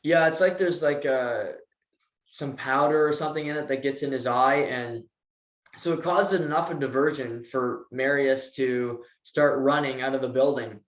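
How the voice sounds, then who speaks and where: A man in casual podcast chat, retelling scenes with animated quotes and quick bursts of speech. His voice sits at an everyday pitch and carries a noticeable room echo. The mood stays loose and conversational. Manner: animated storytelling, acting out quotes. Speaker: podcast co-host.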